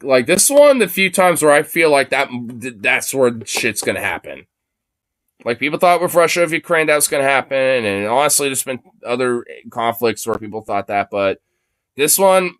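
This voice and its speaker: A man's voice: medium pitch, expressive, moderate pace, a bit bright, no echo. A man streaming his reaction to a debate clip, swearing heavily and rambling in a mocking, casual way. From Irish descent claimed, not origin. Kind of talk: casual profane commentary.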